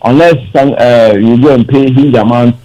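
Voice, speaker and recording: A man's voice: mid-range voice, steady tone, normal speed, dark tone, rough recording. Fields: Sex: man. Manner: polite. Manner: polite, apologetic. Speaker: caller. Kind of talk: call-in question.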